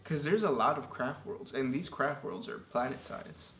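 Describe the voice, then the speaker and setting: An easygoing man co-hosts a podcast, reading out listener questions in a casual chat full of "um" and "yeah." His mid-range voice has a fairly bright tone and a moderate pace. The room is echoey, with faint noise and soft background music.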